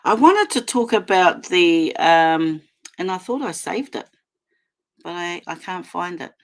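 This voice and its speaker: A middle-aged New Zealand woman hosting her own livestream, her voice sitting fairly low and her delivery unhurried. She rambles with passion, circling back through fillers and restarts as she speaks into a computer mic. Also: lively intonation. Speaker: livestream host. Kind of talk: casual livestream commentary.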